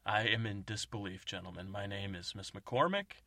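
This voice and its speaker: A man voicing a composed, formal woman who leads a team of agents and speaks in a measured way. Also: fairly low pitch, bright, forceful tone, no echo.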